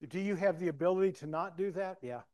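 A man preaching a personal testimony, acting out dialogue and swinging from soft to loud. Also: high-pitched, quick pace. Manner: animated, acts out dialogue, big swings in loudness. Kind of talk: sermon storytelling.

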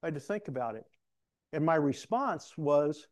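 A man's voice: a little high, animated, moderate pace, darkish tone. A man, a preacher, giving a candid testimony to a room, storytelling with self-deprecating humor. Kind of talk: testimony sermon. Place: room with an audience.

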